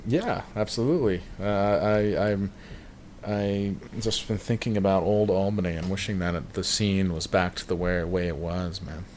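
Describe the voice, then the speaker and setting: Guy in his 30s riffing sarcastically on a podcast, kinda low voice, laughs a lot. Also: moderate pace, a little mellow, slight background noise. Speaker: podcast co-host. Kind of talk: casual chat.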